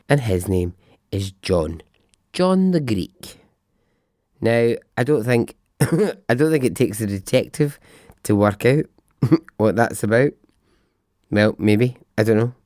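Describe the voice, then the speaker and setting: A man's voice: medium pitch, sing-song, slow pace, long pauses, a little mellow, dry recording, clean studio sound. A man hosting a podcast, telling a true-crime story in a chatty, musing way, asking himself questions and swearing freely. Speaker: podcast host.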